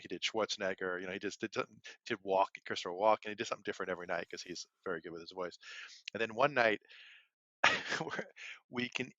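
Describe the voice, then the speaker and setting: A man's voice: lowish voice, pushed and bright, no room sound. A man co-hosting a podcast, telling a rambling, casual story with many fillers and restarts. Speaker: podcast co-host. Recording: dull, lo-fi, dry sound.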